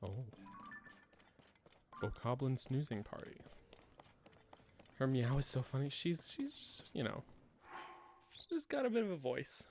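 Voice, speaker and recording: Chill game streamer, talks slow but super animated, laughs a lot, chatting w their cat mid stream. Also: mid-range voice, slight background noise. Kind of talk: casual live-stream game commentary. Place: home room.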